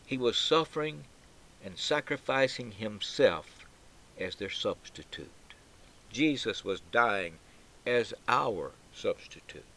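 A man's voice: lowish voice, a bit bright, rough recording. A man preaching a sermon with solemn, emphatic delivery, swelling on key words and falling almost to a whisper at the end of phrases. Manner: slow, solemn, emphatic delivery with dramatic pauses.

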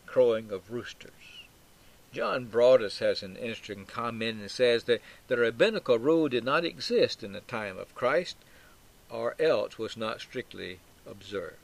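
A man preaching an expository Bible sermon at an unhurried, deliberate pace. His voice sits in an ordinary middle register, and he leans hard into emphatic phrases. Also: medium pitch, animated, gravelly. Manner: slow, emphatic, with swells on quoted lines.

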